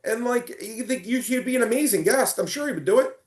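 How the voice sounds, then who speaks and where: A man on a casual sports podcast, telling animated stories with lots of stumbling restarts. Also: very high voice, brisk, reverberant. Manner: animated storyteller, stumbling restarts and excited retelling. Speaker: guest.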